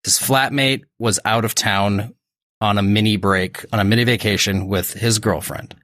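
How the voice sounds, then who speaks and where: A man's voice: lowish voice, fairly even intonation, moderate pace, pushed and bright, no echo, clean studio sound. A man co-hosting a casual podcast, ranting with lots of swearing. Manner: profane, ranting, exasperated. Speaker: podcast co-host. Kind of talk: casual chat.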